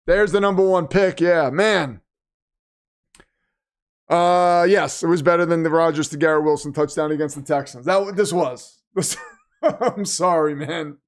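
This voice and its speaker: A man hosting a live watch party, reacting excitedly to the game and reading viewer comments aloud, his voice getting worn. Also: fairly high pitch, measured pace, pauses often. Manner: animated, exclaiming, reads chat aloud. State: losing his voice. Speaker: livestream host.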